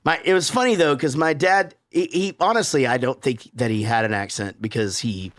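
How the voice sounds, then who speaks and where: A man's voice: mid-range voice, a little fast, fairly bright tone, no room sound, studio quality. A man from the Pittsburgh area, a podcast host, talking casually, swearing and laughing often. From Pittsburgh area, USA. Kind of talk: casual chat.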